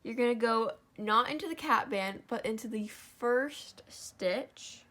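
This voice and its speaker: A young woman walks through a craft tutorial at a slow, easy pace. She sounds tired, yawns often and keeps apologizing, counting stitches aloud as she goes. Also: fairly high pitch, sharp tone. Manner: sleepy, yawning and apologetic. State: tired, yawning.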